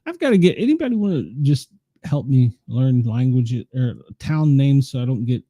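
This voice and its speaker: Man, tennessee accent, casual weather radar commentary, rambling, self-mocking, lively pitch, very dark mellow tone. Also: moderate pace, no room sound, studio quality. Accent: Tennessee Southern. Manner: rambling, self-mocking, thinks aloud while clicking around. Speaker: show host.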